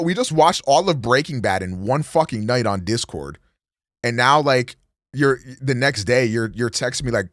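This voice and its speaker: A man reacts to a video on a livestream, talking loosely and swearing freely. His pitch leaps up and drops down as he rambles. His voice is dry and close to the mic. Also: fairly quick, gravelly, no room sound. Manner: profane, animated, rambling. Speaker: streamer host. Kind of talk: casual reaction commentary.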